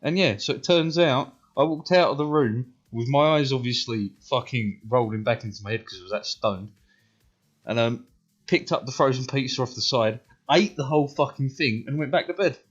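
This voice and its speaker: A man's voice: mid-range voice, normal speed, husky. A British man in his thirties, a streamer rambling through profane personal stories and checking in with "right?" all the time. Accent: British English. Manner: rambling, heavily profane, says "right?" a lot. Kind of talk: casual storytelling while gaming. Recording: dull stream audio, faint music.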